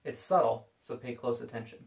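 A man calmly explaining violin bowing technique in a scripted video lesson. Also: mid-range voice, a little fast, gravelly. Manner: calm, explanatory. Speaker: violin teacher. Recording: echoey room.

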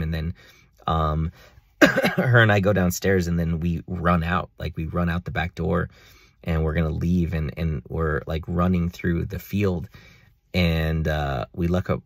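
Young male vlogger, deep gravelly voice, close dry sound, earnest and rambling. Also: no room sound. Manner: earnest, rambling, many fillers. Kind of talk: casual personal video diary.

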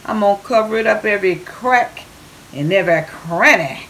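A woman's voice: medium pitch, animated, moderate pace, a bit bright. A woman cooking on camera in a playful style, drawing out her "oh yeah"s and calling her viewers babies. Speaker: cooking vlogger. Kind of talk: cooking demo with chatter. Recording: noisy home kitchen recording.

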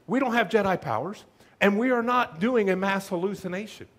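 A man preaching a sermon as pastor, animated and humorous, acting out little asides. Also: sits high, brisk.

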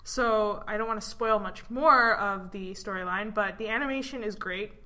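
A woman's voice: mid-range voice, normal speed, sharp tone. A woman hosting a casual comics podcast, chatty, with frequent ums and likes. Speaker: podcast host.

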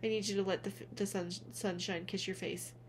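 A woman speaking gently and earnestly to her viewers in a heartfelt vlog, calling them honey as she encourages them. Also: mid-range voice, steady tone, fairly quick, a little hiss or hum. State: tearful at moments. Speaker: spiritual vlogger, reader. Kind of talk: heartfelt direct-to-camera vlog.

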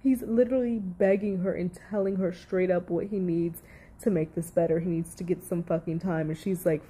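A woman's voice: lowish voice, fairly even intonation, moderate pace, warm tone, slight background noise. A woman giving heated reaction commentary on audio clips, blunt, profane and exasperated.

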